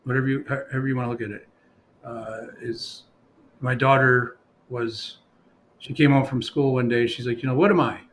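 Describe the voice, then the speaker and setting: A man in casual conversation, his pitch sitting right in the middle, his words coming out in rambling stories full of ums, restarts and quoted dialogue. A faint hiss of background noise runs under the voice. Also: flat delivery, normal speed, fairly bright tone. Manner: rambling with fillers and restarts, quoting others. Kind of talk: casual storytelling.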